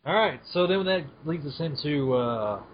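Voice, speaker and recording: A man's voice: a little high, animated, normal speed. Easygoing man on a lo-fi podcast mic. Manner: easygoing, chuckling, stumbles over names. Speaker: podcast co-host. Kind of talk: casual chat, summarizing a comic. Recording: dull lo-fi mic, faint ambience.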